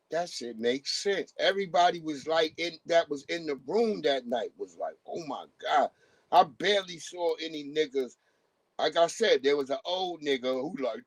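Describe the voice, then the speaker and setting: A man riffing through a livestream in a fairly high voice that swings widely up and down as he gets worked up. His talk is loose and profane. He often slips into acted-out voices of the people he quotes. The sound is close and dry. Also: lively intonation, moderate pace, no room sound. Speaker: livestream host. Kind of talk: casual livestream commentary.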